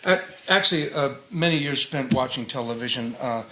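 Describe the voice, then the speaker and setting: A man's voice: medium pitch, a little fast, pushed and bright. A man chatting as a magician and impressionist guest, with jokey showman patter and stammered restarts. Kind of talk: casual chat. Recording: echoey room, faint noise.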